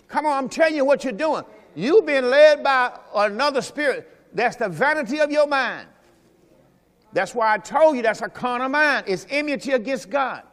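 A man pastor preaching a Sunday sermon, swinging between loud exhortation and quiet asides. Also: very high voice. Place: church during a Sunday service. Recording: long reverb from a church hall.

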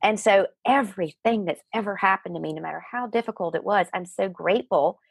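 A middle-aged woman, a guest in an interview, telling a personal story in an earnest, animated way. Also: medium pitch, a little fast, gravelly, slightly rough, no echo. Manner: earnest, animated retelling with acted quotes.

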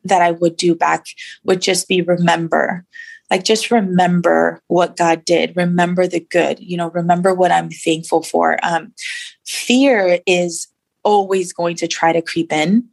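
Earnest woman with a gravelly low voice. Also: steady tone, unhurried. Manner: earnest, reflective, many fillers. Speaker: guest sharing her story. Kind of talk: faith-based interview.

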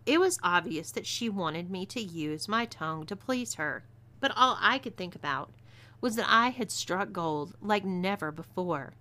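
Texan lady reading a western story, bright twangy voice, easy drawl. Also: on the low side, lively intonation, a little slow. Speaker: narrator. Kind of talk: scripted story narration.

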